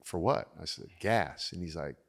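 A man's voice: low voice, moderate pace, crowd noise. A middle-aged man hosting a casual chat, telling stories and acting out the quotes. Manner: animated storyteller acting out quotes. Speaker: podcast host.

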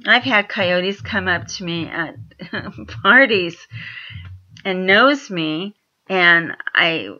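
A woman speaks slowly, telling rambling animal stories in a casual monologue. Her voice is low and bright, and she chuckles often and restarts her sentences. The recording is dull and lo-fi. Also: animated. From Washington State.

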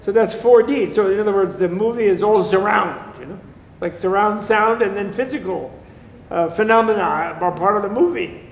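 A man's voice: sits high, moderate pace, a little hiss or hum. A man teaching a class on Buddhism in a casual, digressive lecture, joking and chuckling as he goes. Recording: echoey lecture room.

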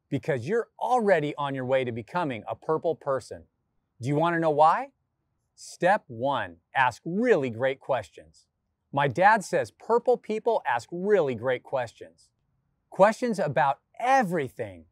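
A firefighter reading a picture book aloud to children in a playful, animated way. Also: male voice, on the high side, moderate pace, dry recording, studio quality. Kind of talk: children's storybook read-aloud.

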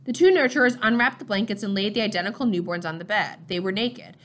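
A woman narrating a novel chapter in a steady, measured storytelling voice. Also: mid-range voice. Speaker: audiobook reader.

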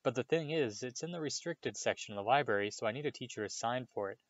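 A man's voice: mid-range voice, lively intonation, quick pace, no room sound, dull audio, lightly acted. A man voicing an eager, nervous, bookish young schoolgirl witch who stammers a little.

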